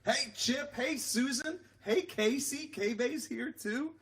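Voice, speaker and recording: A man's voice: extremely high pitch, takes it slowly, fairly bright tone. A singer-songwriter man chatting casually with live-stream viewers between songs, rambling and self-deprecating as he reads their comments aloud from home. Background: acoustic guitar playing.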